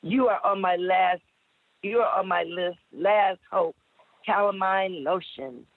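Husky woman poet on a phone line. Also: takes it slowly, no room sound. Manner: chatty with laughs, then dramatic shifts in pitch while reciting. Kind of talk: anecdote then spoken-word poem reading. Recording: tinny phone-like radio line.

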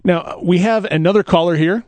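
A man's voice: sits high, a little fast, darkish tone, dry recording. Man, radio co-host, dry studio sound, rambling, stumbles over words. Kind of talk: casual chat.

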